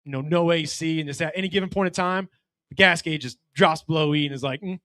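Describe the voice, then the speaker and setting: Middle-aged man, stand-up comic, brash, profane, storytelling, higher voice, dry. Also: fast talker, sharp tone, no room sound. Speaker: stand-up comedian. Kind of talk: stand-up comedy set.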